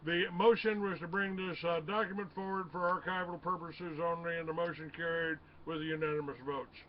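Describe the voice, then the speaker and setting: A man hosting a talk radio interview, reading a passage and then asking questions, halting with many fillers. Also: on the high side, flat delivery. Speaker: radio host. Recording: dull lo-fi radio audio with faint noise.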